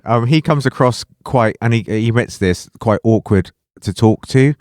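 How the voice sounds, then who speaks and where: A man's voice: medium pitch, darkish tone, dry recording, studio quality. A man co-hosting a podcast, thinking aloud about music and teasing his friends. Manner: reflective, teasing, drawn-out thoughts. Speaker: podcast co-host. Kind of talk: casual music discussion.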